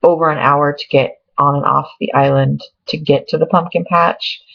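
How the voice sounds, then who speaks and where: A young woman talks through her weekly vlog update in a chatty, tearful way, her voice full of gravelly fry. The sound is dull and lo-fi, like a simple home webcam recording. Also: deep voice, fairly even intonation, moderate pace. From Oregon, US. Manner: chatty, emotional, on the edge of tears. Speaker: vlogger. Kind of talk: casual pregnancy update vlog.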